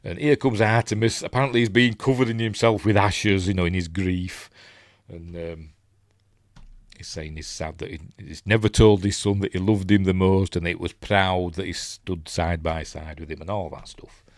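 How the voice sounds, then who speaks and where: Deep-voiced Yorkshire man, rambling. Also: fairly even intonation, moderate pace, dry recording, studio quality. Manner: rambling, many ums and restarts. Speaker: host. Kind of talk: casual film commentary.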